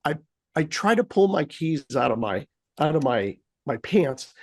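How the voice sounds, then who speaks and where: A man's voice: fairly high pitch, unhurried. A man from the United States telling a story in casual chat, acting out sounds and his own frustration. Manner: animated, acts out beeps and his own frustration. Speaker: co-host.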